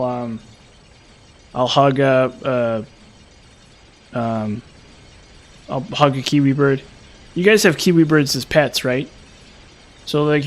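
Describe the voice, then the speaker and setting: A man talks casually while he plays a video game, rambling along with plenty of fillers and restarts. His voice sits at an ordinary middle pitch. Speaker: gaming streamer.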